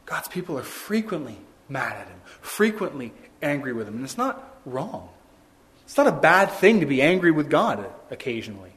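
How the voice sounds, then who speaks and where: Conversational male pastor, slightly high voice. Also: big pitch swings, moderate pace, a bit bright. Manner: conversational preaching with rhetorical questions. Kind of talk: sermon.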